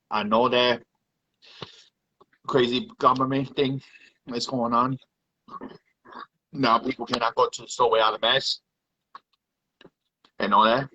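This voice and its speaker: A man's voice: mid-range voice, sharp tone, poor audio. A man giving a heated, repetitive rant on a live video. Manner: heated, repetitive, swears often. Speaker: live video chat participant.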